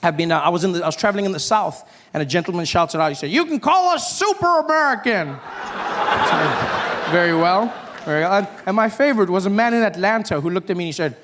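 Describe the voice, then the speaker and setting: A man performing a stand-up routine, animated and acting out other people in shifting voices. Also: sits high, fast. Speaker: stand-up comedian. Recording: live stage with audience noise.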